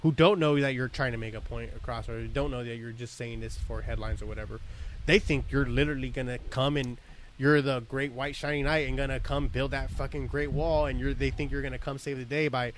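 A man's voice: mid-range voice, steady tone, brisk, a little hiss or hum. Rambling, profane man on a podcast. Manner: rambling, profane, laughs often. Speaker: podcast host. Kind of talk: casual podcast chat.

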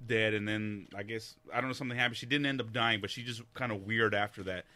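A man in a casual podcast chat, retelling things in a relaxed, halting way. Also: fairly low pitch.

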